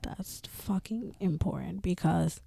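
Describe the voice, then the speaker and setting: A woman's voice: lowish voice, slow, gravelly, warm tone, breathy edge, no room sound, clean studio sound. A woman, hosting a podcast in casual personal talk, candid and swearing, often laughing between phrases. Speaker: podcast host.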